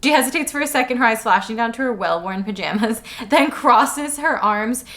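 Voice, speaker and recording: A giggly woman with a somewhat high voice co-hosts a casual book club read-along. She reads passages in dramatic voices and teases the characters between lines. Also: lively intonation, brisk, bright, forceful tone. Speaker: podcast co-host.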